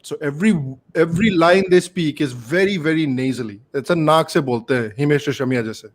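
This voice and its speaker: A man's voice: on the high side, fairly quick. A man hosting a podcast in casual panel chat, laughing easily and slipping into Hindi phrases. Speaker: podcast host.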